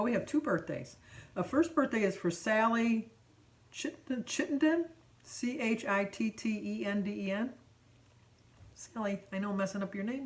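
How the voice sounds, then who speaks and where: A woman's voice: on the low side, distant mic. A middle-aged woman vlogging in a rambling, chatty way, full of ums and self-corrections. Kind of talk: casual vlog chat.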